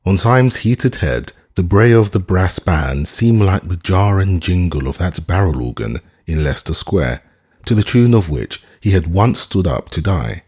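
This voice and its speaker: A man reading an audiobook as narrator in a measured, expressive way. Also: sits low, breathy edge. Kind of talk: scripted narration.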